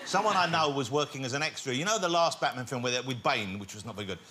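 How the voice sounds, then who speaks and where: Animated male panel storyteller. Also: mid-range voice, fast talker. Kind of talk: comic anecdote telling. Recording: studio audience and loud noise.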